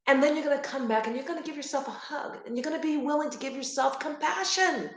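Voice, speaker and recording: A middle-aged woman giving an earnest, animated motivational talk to grieving parents, repeating key phrases for emphasis. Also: sits high, quick pace, roomy sound. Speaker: guest speaker on grief support.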